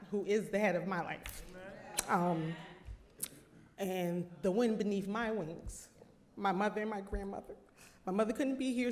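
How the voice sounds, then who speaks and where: A woman in her forties from New Jersey, on the verge of tears, giving a heartfelt and halting acceptance speech as an award honoree. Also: mid-range voice. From New Jersey, USA. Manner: heartfelt, grateful, halting with fillers. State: tearful, close to crying.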